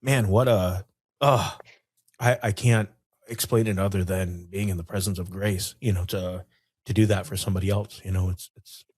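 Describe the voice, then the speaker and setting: A man hosts a podcast in a very low, slightly husky voice. He talks earnestly and often murmurs his agreement. The sound is dry and close. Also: fairly even intonation, moderate pace, darkish tone, dry recording. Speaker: podcast host. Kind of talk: podcast conversation.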